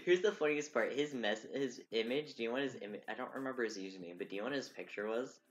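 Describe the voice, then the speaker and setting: A man streaming while drawing, telling stories in an animated way, swearing and a little drunk. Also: medium pitch, fast talker. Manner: animated, swearing, laughing storyteller. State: tipsy from drinking. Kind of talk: casual chat while drawing. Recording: dull lo-fi stream audio with faint music.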